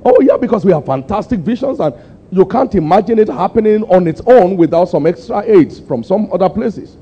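Older pastor, call-and-response sermon, mellow tone, lo-fi recording. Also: male voice, expressive, brisk, breathy edge. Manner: call-and-response preaching, rising to high emphatic peaks.

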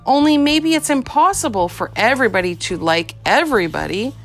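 Woman reading as a storybook boy, earnest, brave, higher childlike lilt, faint music behind. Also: expressive, brisk. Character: flat young boy hero, brave and earnest.

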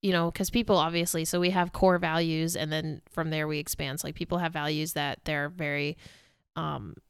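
A woman's voice: low voice, steady tone, normal speed, smooth, no room sound, studio quality. A woman co-hosting a casual discussion, asking follow-up questions and using "like" often. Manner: questioning, says "like" a lot.

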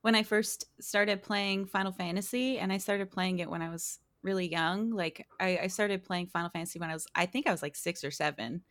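A woman's voice: on the low side, a little fast, hardly any pauses, fairly bright tone, no echo. Giggly streamer lady chatting, laughs a lot, trips over her words, totally dry audio. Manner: giggly, laughs often mid-sentence; self-deprecating, restarts her sentences. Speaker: streamer guest. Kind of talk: casual interview chat.

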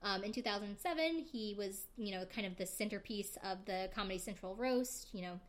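A woman's voice: medium pitch, fairly quick. A woman recapping a TV episode in casual chat, with frequent fillers and a light, laughing manner. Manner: chatty, heavy use of "like" and "um", laughs often. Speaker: podcast host recapping a reality show.

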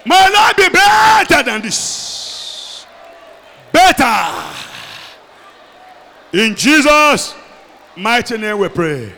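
A man leading a fiery sermon and prayer, alternating shouted prayer with quieter speech. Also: very high-pitched, big pitch swings, very slow, gravelly, pauses often, slight background noise. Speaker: pastor. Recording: long hall reverb.

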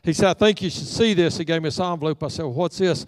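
A middle-aged man preaching in a church sanctuary. His voice sits high, and he tells homey stories while slipping into the voices of the people in them. The mic is close and dry, but a long reverb from the hall trails after his words. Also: fast talker. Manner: folksy storyteller acting out dialogue. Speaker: pastor. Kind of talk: storytelling sermon.

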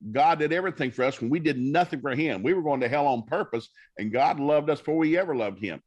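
Folksy preaching man, slightly high voice. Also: fast talker, darkish tone, highs cut off. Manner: folksy preacher storytelling, acts out dialogue. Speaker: minister. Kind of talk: storytelling talk-show guest.

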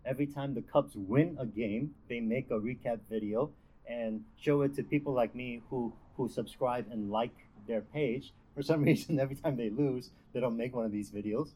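The recording is low-quality as a young man, speaking for a campus ministry, delivers a relaxed devotional talk at normal speed. His mid-range voice is dark and husky, and his conversational manner is full of fillers and false starts.

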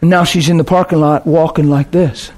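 A fairly high-voiced man preaching to a congregation. He tells a personal anecdote with lively, emotional energy and breaks into laughter now and then. His voice climbs easily as the story builds. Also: fairly quick.

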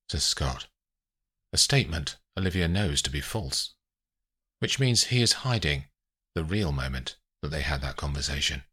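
A man narrating an audiobook with expressive storytelling. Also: very deep voice, a little slow, breathy edge.

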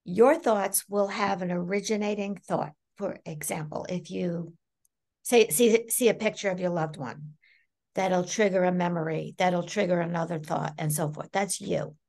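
A middle-aged woman talking as a psychic medium guest in a casual podcast interview, animated and laughing often as she acts out quoted voices. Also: lowish voice, moderate pace, gravelly.

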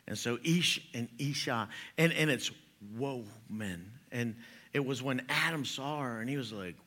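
A man's voice: mid-range voice, measured pace, bright, forceful tone. A middle-aged man preaching a sermon, chatty and joking, laughing at his own jokes before turning to scripture. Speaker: pastor.

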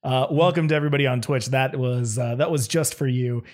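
A man's voice: mid-range voice, a little fast. A man co-hosting a casual podcast, who grew up in Canada and talks in a playful, joking manner. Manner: playful, animated, jokey. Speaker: podcast co-host.

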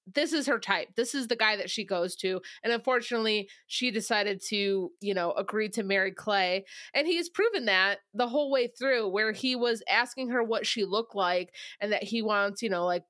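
Woman cohosting a podcast, bright kinda high voice, lively and blunt, dry close sound. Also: dry recording. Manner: animated, swearing, mocking quotes in exaggerated voices. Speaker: podcast co-host. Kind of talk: casual chat.

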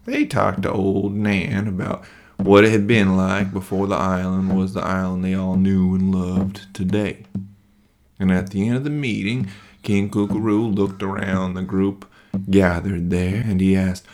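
A man hosting a children's podcast, telling a bedtime-style story in a relaxed, folksy way. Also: low voice, measured pace, a little hiss or hum. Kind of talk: storybook narration.

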